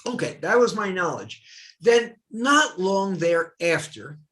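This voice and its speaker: An older man, a retired professor, tells stories from his life in a lively, swooping voice that sits a little high. He slips into the voices of the people he quotes. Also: slow pace. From United States. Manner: animated, acts out quoted voices. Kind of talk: storytelling in a dialogue.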